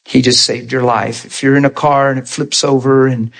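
A man preaching a sermon, telling stories in an animated way and jumping up in pitch when he acts them out. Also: normal speed, vocal fry. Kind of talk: storytelling sermon.

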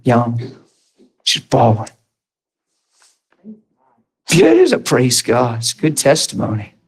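A middle-aged man preaching a fervent, emphatic sermon testimony as pastor, laughing between points. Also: medium pitch.

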